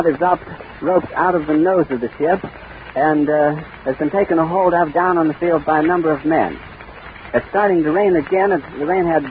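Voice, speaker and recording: A high-voiced man reports live from an outdoor airfield, describing the scene in a running flow with restarts and fillers. It sounds like a 1930s radio broadcast, thin and phone-like, with heavy hiss and crackle throughout. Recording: tinny, noisy 1930s radio recording.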